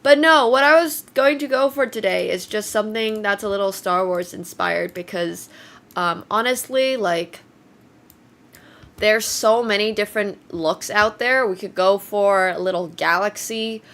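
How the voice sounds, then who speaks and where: A woman's voice: medium pitch, a little slow, fairly bright tone. A woman streamer chatting casually to her viewers, a bit congested with a slightly shaky voice, rambling and thanking people as she goes. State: congested, voice shaking. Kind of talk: casual live-stream chat.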